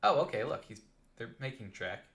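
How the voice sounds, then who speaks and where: A young adult man telling a rambling, animated story while playing a game on a live stream. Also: medium pitch, moderate pace.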